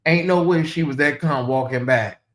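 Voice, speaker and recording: High-voiced animated man streaming. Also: normal speed. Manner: animated, chatty, laughs and addresses viewers as y'all. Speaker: commentary channel host. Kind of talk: casual live-stream commentary.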